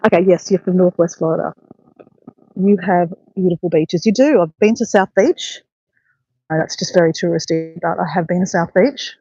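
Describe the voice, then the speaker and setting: Outdoors by a bay, a woman hosts a casual live stream, chatting upbeat with viewers in a lowish, mellow voice at a moderate pace. Recorded on a handheld phone, the sound has no echo and the highs are cut off.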